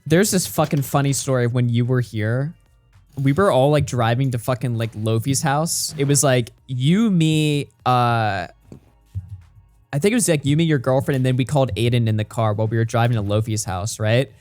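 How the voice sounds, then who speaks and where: A young man hosting a stream, telling stories in a casual, profane way and breaking into shouting now and then. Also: medium pitch, normal speed, dry recording, faint music behind. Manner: loud, profane storytelling that bursts into shouting. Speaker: streamer host.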